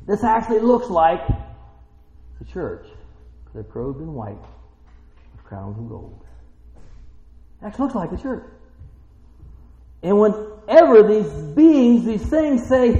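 Shouting, high-pitched preacher in an echoey hall. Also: male voice. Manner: swings from low quiet reading to shouted excited praise. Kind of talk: sermon. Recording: echoey hall, dull lo-fi sound.

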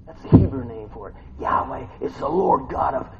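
A man's voice: medium pitch, animated, moderate pace, gravelly, hardly any pauses, rough recording. A man preaching a sermon as pastor, folksy and exclamatory, often asking his listeners "huh?".

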